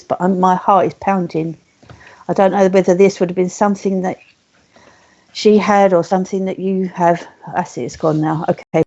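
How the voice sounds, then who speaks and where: A woman working as a spiritualist medium, gently passing on messages in a live online reading, speaking softly and slowly. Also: medium pitch, lo-fi sound.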